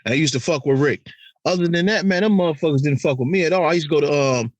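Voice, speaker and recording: A man from Chicago on a podcast, telling lively, profane stories in casual chat. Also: a little high, rapid-fire, no room sound. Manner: lively, profane storytelling with acted quotes. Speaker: podcast co-host.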